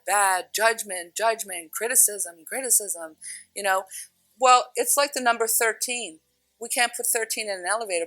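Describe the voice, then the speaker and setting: A woman's voice: mid-range voice, sharp tone, no echo, rough recording. A woman giving a spiritual teaching talk, earnest and emphatic, repeating phrases for stress.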